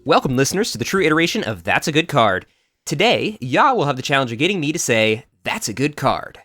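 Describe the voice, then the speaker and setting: Animated, laughing podcast host, a man. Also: a little high, quick pace, faint music behind. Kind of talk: casual podcast chat.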